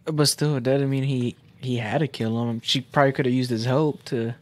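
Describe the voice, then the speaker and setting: A man's voice: medium pitch, steady tone, moderate pace, darkish tone. A young man in casual chat who argues his points in a blunt, slangy way.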